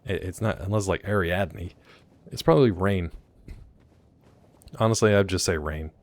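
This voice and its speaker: Deep-voiced man streaming a game. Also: moderate pace. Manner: chatty and joking, reacting aloud and talking to chat. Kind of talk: casual live gameplay commentary.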